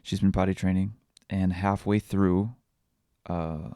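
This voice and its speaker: A parenting podcast host, a man in his thirties, delivers a confessional monologue alone. His fairly low voice has fairly even intonation and is recorded close and dry with no echo, and he speaks candidly, reflectively and with quiet emotion, often halting with fillers and restarts.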